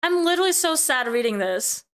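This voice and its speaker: A woman VTuber reads messages aloud and stops to react in disbelief. Her voice sits high and comes across bright and sharp. She talks in an exasperated reaction-commentary manner. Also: very animated, a little fast. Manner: exasperated, incredulous remarks.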